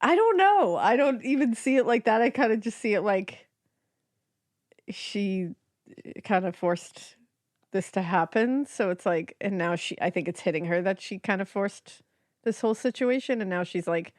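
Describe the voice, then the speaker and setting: A woman's voice: mid-range voice, moderate pace, a little mellow, no echo, clean studio sound. A woman co-hosting a casual true-crime chat, thinking aloud in restarts. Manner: reflective, talks in restarts and reacts strongly. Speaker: podcast co-host.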